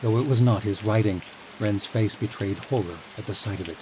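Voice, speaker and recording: A man narrating a fantasy audiobook in a calm, even storytelling manner. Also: lowish voice, brisk. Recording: steady rain noise behind voice.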